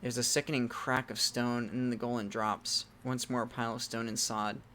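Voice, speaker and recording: This man's mid-range voice stays fairly flat in pitch as he briskly reads a text adventure aloud over game music. He interrupts himself with loud, startled exclamations, and a little hiss or hum sits in the recording.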